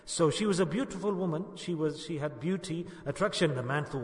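A male preacher telling a moral story in a sermon, swelling loud on the lessons and dropping to a hush in the tale. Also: fairly high pitch, fairly quick, few pauses. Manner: emphatic, rising loud on moral points, hushed in the story. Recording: echoey hall with long reverb.

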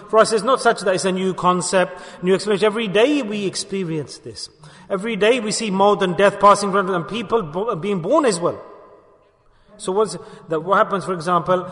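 A man's voice: high-pitched, a little fast, a bit bright. A man preaching a sermon, earnestly addressing listeners with rhetorical questions. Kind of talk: religious sermon. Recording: long hall reverb.

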